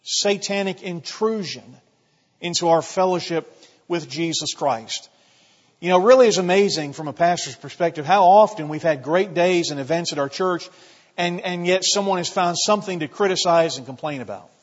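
Emphatic preacher in a reverberant church. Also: male voice, high voice, moderate pace. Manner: emphatic preaching with repeated phrases, building in intensity. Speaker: pastor. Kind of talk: sermon. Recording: long reverb, dull lo-fi sound.

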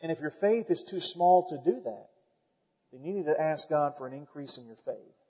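A man preaching a sermon as pastor, emphatic and building to loud points, calling out to the congregation. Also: a little high, lively intonation, normal speed, husky. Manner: calls out to the congregation. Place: church sanctuary. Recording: dull lo-fi sound with long hall reverb.

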